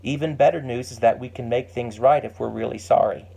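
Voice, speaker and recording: A man voicing a kind mother who calmly counsels her daughter in a storybook. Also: mid-range voice, fairly quick, gravelly, slightly rough, poor audio. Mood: gentle.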